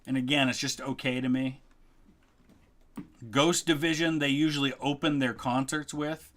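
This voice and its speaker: A middle-aged man chatting casually as a history video host, relaxed and thinking aloud with frequent ums. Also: medium pitch, normal speed. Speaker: history YouTuber, guest co-host. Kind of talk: casual ranking chat.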